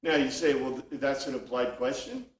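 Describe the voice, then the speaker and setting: In a small classroom, an animated man with a medium-pitched voice teaches an informal Bible class at a moderate pace, working through ideas aloud and frequently starting over. The room echoes and he's far from the microphone.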